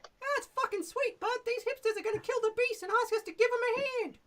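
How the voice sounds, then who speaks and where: A man voicing a crude, foul-mouthed male goblin bridge guard with a high, squeaky voice. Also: fast talker, fairly bright tone, a little hiss or hum. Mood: gleeful. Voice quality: high squeaky voice, coarse slangy swearing.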